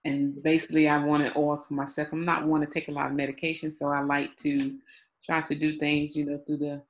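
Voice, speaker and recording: A woman from North Carolina taking part in a class, speaking softly and hesitantly. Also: deep voice, little pitch movement, a little fast, low-quality recording. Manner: soft, hesitant, many you-knows. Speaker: class participant. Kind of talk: casual chat.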